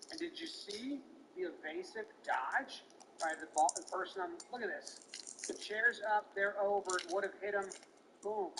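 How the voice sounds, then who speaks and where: A man narrating and explaining a baseball at-bat in a relaxed, explanatory commentary style. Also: sits high, normal speed. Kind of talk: scripted video commentary. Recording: recording with clear background noise.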